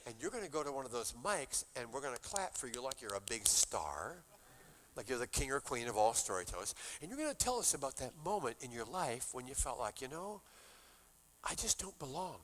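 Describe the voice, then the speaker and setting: A man's voice: medium pitch, big pitch swings, fairly quick, a bit bright, slight background noise. An older man leading a university chapel service, telling a story between songs with playful, joking exaggeration. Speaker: chapel musician and worship leader.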